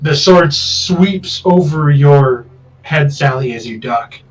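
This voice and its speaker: A man running a tabletop game as game master, relaxed and casual, pausing to correct himself. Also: on the high side. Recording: distant mic with faint background noise.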